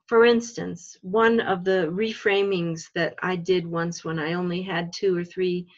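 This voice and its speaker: A woman leading a religious education workshop, explaining ideas slowly and thoughtfully, step by step. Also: on the low side, steady tone, muffled recording. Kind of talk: workshop talk for teachers.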